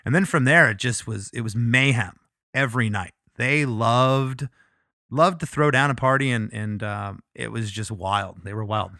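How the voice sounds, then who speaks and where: Bright, dry-voiced middle-aged man telling stories. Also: mid-range voice, moderate pace, creaky, no echo. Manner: rambling, laughs often, restarts. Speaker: touring musician guest. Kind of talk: casual interview storytelling.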